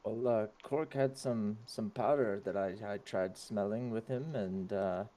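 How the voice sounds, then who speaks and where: A man's voice: on the low side, a little slow, warm tone. Hesitant, formal-speaking man. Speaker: player. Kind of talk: in-character roleplay talk.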